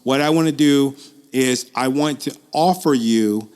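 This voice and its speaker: A man working as a public speaking coach, giving a casual, earnest pitch straight to the viewer, with frequent ums, restarts and repeated phrases, his pace speeding up and slowing down. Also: darkish tone, clean tone. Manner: uneven pace, speeds up and slows down. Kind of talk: casual direct-to-camera pitch.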